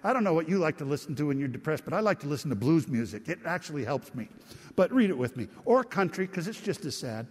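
A man's voice: a little high, sing-song, fast talker, a little mellow, slightly rough. A middle-aged man preaching a sermon as pastor, talking conversationally and calling out to his congregation. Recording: long church reverb.

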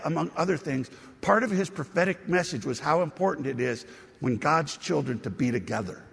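A man's voice: on the high side, creaky, slightly rough, in a large hall. A man preaching a sermon, teaching in a conversational way and rising into emphasis on key points. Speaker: pastor.

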